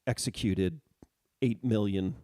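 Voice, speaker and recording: Low-voiced rambling man. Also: takes it slowly, warm tone, no room sound, studio quality. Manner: rambling, hesitant, searching for words. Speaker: podcast co-host. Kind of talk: casual political chat.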